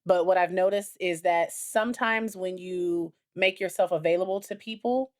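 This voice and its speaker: Woman, podcast co-host, casual chat, rambling, animated, lots of fillers. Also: lowish voice, normal speed.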